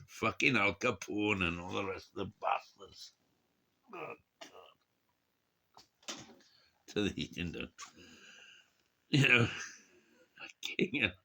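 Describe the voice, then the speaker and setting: A man's voice: on the low side, gravelly, pushed and bright. A man rambling through a late-night monologue, tired and drinking, swearing often and losing his words as he digresses. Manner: forgetful, searches for words aloud.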